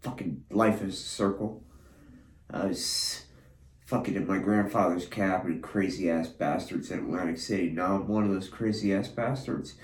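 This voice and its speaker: Drugged out guy mumbling and cursing, super slow, echoey room. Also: deep voice. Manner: profane, disjointed, swinging between mumbling and anguished cries. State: disoriented, under the influence of a drug. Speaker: podcast host recording his own treatment session. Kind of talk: rambling stream-of-consciousness talk.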